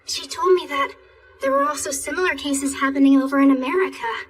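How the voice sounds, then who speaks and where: An actress voicing a gentle female student who explains things softly, in an anime dub. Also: sits high, fairly quick, a little hiss or hum, close to an everyday voice. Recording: distant voice with loud music.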